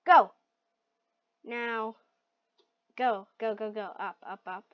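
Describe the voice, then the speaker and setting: A woman giving excited gameplay commentary, shrieking and laughing at close calls. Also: on the high side, slow pace. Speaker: gaming video host. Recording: dull lo-fi mic.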